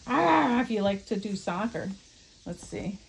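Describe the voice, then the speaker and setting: A woman's voice: medium pitch, animated, unhurried, vocal fry, very noisy. A young woman giving a pet sitter casual, rambling instructions in her home kitchen, full of fillers and restarts. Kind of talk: casual home video walkthrough.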